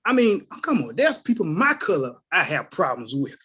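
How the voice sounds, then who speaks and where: On a group call, a middle-aged participant offers casual spoken testimony in a slightly rough, a little high voice at normal speed. He brings his personal stories to life, animatedly acting out the voices of the people in them.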